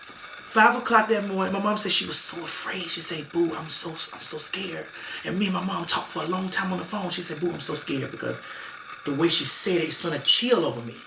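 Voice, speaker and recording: An interview guest with a lowish, pushed, bright voice and some vocal fry talks a little fast, recounting a painful family story. Emotional and emphatic, she keeps repeating points and voices her relatives' words. Slight background noise mixes with the echoey room.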